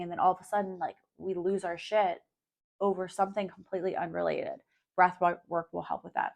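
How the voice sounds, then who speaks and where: Gravelly, candid woman podcast host. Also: mid-range voice. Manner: candid, swears freely, many fillers like "like" and "um"; coaching, speaks directly to listeners. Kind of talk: casual solo podcast monologue.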